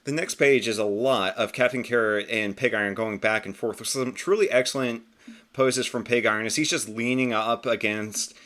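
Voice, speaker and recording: A man's voice: medium pitch, normal speed. A man in a chatty, casual comic-book review, often correcting himself as he talks. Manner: chatty, self-correcting, lively intonation.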